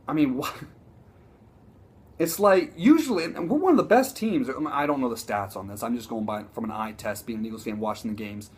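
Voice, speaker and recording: A man ranting casually about his football team, profane and excitable, rambling with frequent restarts. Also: mid-range voice, fairly quick, husky. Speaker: sports vlogger. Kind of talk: casual sports rant.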